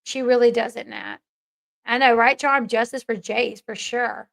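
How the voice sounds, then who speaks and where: A woman chats through casual commentary as a host, opinionated and conversational, answering viewer comments. Her voice is bright and a little high. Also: steady tone, unhurried, gravelly.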